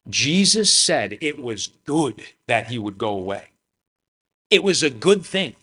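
A man's voice: medium pitch, sing-song, moderate pace, bright, forceful tone. A man, the pastor, giving a conversational sermon to his church, talking casually with lots of "man" and "you know".

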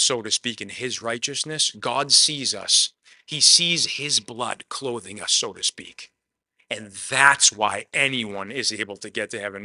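A male pastor preaching to a room in a loose, conversational way, slipping into little acted-out quotes as he retells the story. His voice is very bright and forward, at a middle pitch. The recording is dry and close, with no room sound. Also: no echo. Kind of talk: sermon.

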